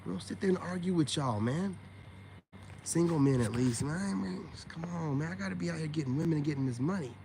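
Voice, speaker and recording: A man's voice: fairly high pitch, quick pace, creaky, dark tone, slight background noise. A man on a casual livestream, talking bluntly and with profanity straight to his viewers, peppering his speech with "man" and "you know what I'm saying.". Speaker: online self-help streamer.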